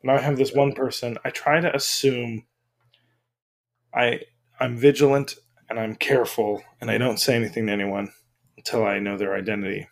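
A man co-hosting a podcast, telling an anecdote in an animated way and laughing often. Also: mid-range voice, moderate pace, gravelly. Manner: giggly, animated storyteller. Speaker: podcast co-host. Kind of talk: casual chat.

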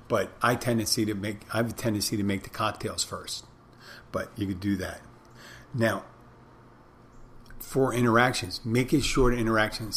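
A man with a Florida Keys accent and a fairly low voice talks on his podcast in a loose, rambling way, often breaking off and restarting his sentences. A faint hiss of background noise sits under the recording. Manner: rambling, conversational, frequent restarts; swears casually. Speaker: podcast host and bartender. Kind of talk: casual podcast monologue.

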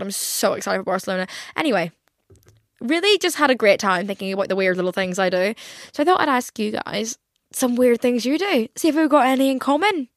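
A young woman in her twenties with a fairly high voice hosts a casual solo podcast, rambling, swearing a lot and acting out her own reactions. The sound is clean studio audio with no echo.

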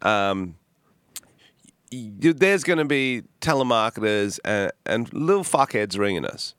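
Low-voiced comedian, crude banter. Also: male voice, sing-song, a little slow, fairly bright tone, clear, resonant tone, dry recording, clean studio sound. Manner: crude, joking storytelling. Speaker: comedian and podcast co-host. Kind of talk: casual banter. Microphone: headphones and studio mic.

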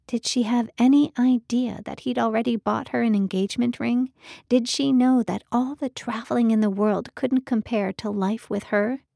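A woman narrating a romance novel in a calm, measured audiobook reading. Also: fairly high pitch, gravelly, dry recording, clean studio sound. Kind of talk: scripted narration.

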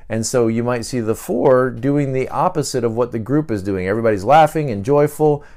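A man with a medium-pitched, darkish, smooth voice hosts a podcast. He explains a personality type loosely and conversationally, with many fillers and restarts, in a casual teaching style.

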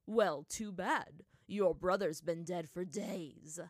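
A woman's voice: low voice, moderate pace, dry recording, clean studio sound, lightly acted. A woman voicing a venomous middle-aged warrior man. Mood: sneering.

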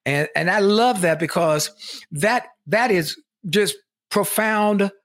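A man's voice: high-pitched, slow pace, a bit bright. A man hosting an interview who reads a passage aloud from a book. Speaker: interview host. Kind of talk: interview conversation.

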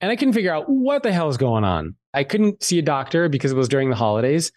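A man guest on a podcast, telling a personal story in a candid, animated way and swearing freely. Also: on the high side, quick pace, dry recording, clean studio sound. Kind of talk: casual storytelling interview.

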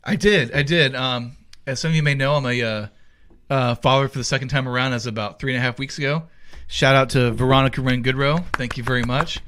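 Podcast co-host, man in his thirties, animated storyteller, swears a lot, bright forceful voice. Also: medium pitch, brisk, smooth. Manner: animated storytelling, acts out his own shouts; swears freely, laughs through his stories. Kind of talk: casual chat.

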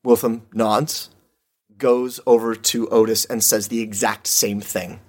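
A man's voice: fairly low pitch, measured pace. Man narrating as game master. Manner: relaxed, descriptive, hedging with fillers.

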